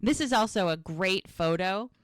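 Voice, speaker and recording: A woman co-hosting a podcast, telling an episode's story in a casual, animated way and quoting the characters. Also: medium pitch, normal speed, dry recording, studio quality. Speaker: podcast co-host.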